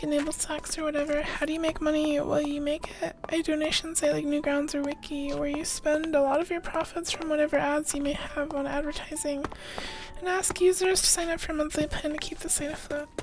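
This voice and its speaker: A young woman chatting casually on a live gaming stream, rambling and answering chat offhand. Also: high-pitched. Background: background music playlist.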